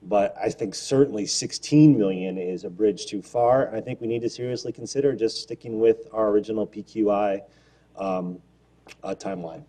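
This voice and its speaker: Low, mellow-voiced councilman weighing options. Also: moderate pace, husky. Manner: hesitant with many fillers, firm in position. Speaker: city councilmember. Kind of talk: council debate.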